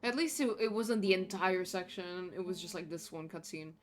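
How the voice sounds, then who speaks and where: A woman's voice: lowish voice, moderate pace. A tired woman streaming a video game, ranting with exasperation and swearing as she talks casually. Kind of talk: casual gameplay commentary.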